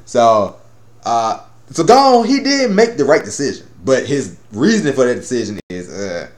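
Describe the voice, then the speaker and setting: A man rambles through an episode review, cursing as he goes and slipping into the characters' lines. His voice leaps up and down in pitch. The room around him gives off a noticeable echo. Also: very animated, moderate pace, slight background noise. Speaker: anime reviewer.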